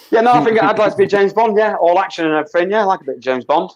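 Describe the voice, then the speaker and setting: A man's voice: sits high, fairly even intonation, a little fast, pauses often. A man from Cheshire co-hosting a casual chat show, jokey and self-mocking. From Cheshire, England. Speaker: co-host.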